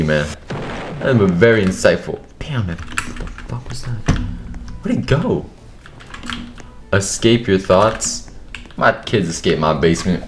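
Excitable swearing young man gaming. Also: low voice, a little slow, long pauses, music in the background. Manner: excitable, profane, jumps to shouting. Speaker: gaming video creator. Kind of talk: live gameplay commentary. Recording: echoey room with keyboard clatter. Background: keyboard clicks and typing.

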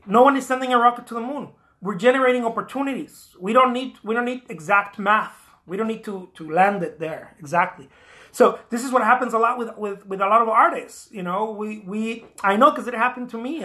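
A man's voice: sits high, pushed and bright. A man, an artist, giving emphatic motivational career advice to camera, often repeating key phrases.

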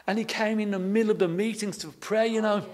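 A high-voiced man preaching a sermon in an easy storytelling manner. He often repeats his words as he goes. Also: steady tone, brisk, a little mellow. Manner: homely, anecdotal, repeats words. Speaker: pastor.

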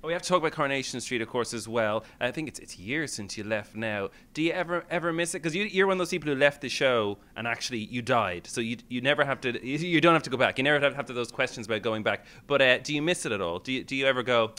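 Fast-talking male interviewer. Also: medium pitch, bright, forceful tone. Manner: jokey, quick, upbeat questions. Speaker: interviewer, presenter. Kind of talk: casual interview.

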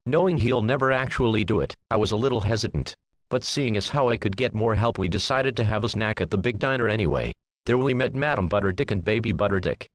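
Deadpan man narrating a parody storybook. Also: fairly low pitch, fast talker, dry recording. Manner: deadpan with crude jokes.

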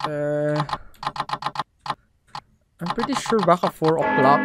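A young woman with a Filipino accent commentating a horror game, swearing freely and breaking into loud panicked yelps. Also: sits low, lively intonation, unhurried, long pauses, music in the background. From Philippines. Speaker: gaming YouTuber.

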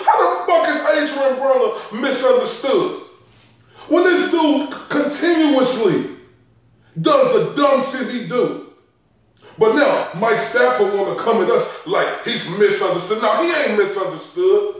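Man, vlog ranter, profane and heated, high and animated, echoey distant room sound. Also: a little slow. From Dallas area. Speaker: boxing commentary vlogger. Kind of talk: ranting vlog commentary.

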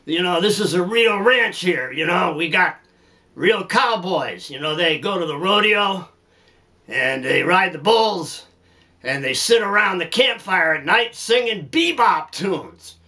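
A man's voice: high voice, animated, measured pace, pushed and bright. A man hosting a music lesson, telling folksy jokes in a chuckling, rambling way, full of "you know"s and laughing at his own punchlines. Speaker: music teacher and host.

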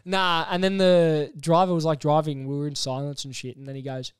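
A young man co-hosting a podcast, telling stories with animated energy and a lot of swearing. His voice is smooth and sits a little high. The room sound is dry and close. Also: fairly quick, no room sound. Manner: animated storyteller, swears freely. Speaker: podcast co-host. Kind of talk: casual chat.

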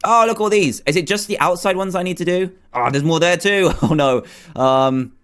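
A young man giving excitable let's play commentary, exclaiming and pleading with the game as he plays. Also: sits high, fairly quick, clear, resonant tone. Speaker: gaming YouTuber. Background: faint game music.

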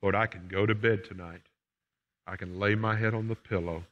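A man's voice: fairly low pitch, fairly even intonation, moderate pace, dull audio. An older man, a pastor preaching a sermon and then praying, emphatic and repeating phrases for emphasis. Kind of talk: sermon and closing prayer. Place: church sanctuary.

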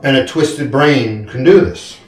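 A do-it-yourself video maker with a medium-pitched, slightly slow voice chats through a wall-mounting job step by step as he works, poking fun at himself. He's indoors in a room being set up as a studio, and the audio has a roomy echo and faint background noise.

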